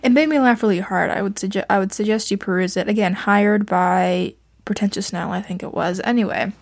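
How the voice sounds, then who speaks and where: A woman's voice: medium pitch, fairly quick, creaky. A young woman chatting casually into a home mic, rambling and self-deprecating, with lots of fillers and laughs. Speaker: podcast host reviewing fan fiction. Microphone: home mic she adjusts herself.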